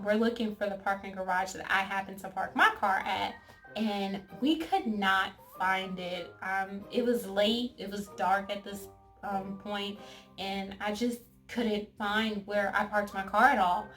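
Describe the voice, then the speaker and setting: A young woman vlogger casually telling a funny dating story straight to her viewers, chatty and animated. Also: medium pitch. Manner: chatty and animated, quotes others in lively asides.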